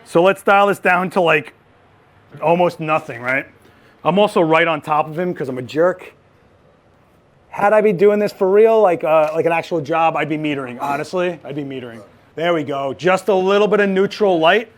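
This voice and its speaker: A man running a live photography lighting demo, chatty and joking, with quick asides. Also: fairly high pitch. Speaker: photography instructor.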